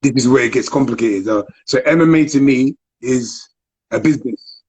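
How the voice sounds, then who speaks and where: A man's voice: mid-range voice, normal speed, a little mellow, slightly rough, low-quality recording. A man, an MMA fighter and dog trainer, talking in a laid-back way on a video call, repeating himself and checking you follow. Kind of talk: casual video call chat. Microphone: phone on video call.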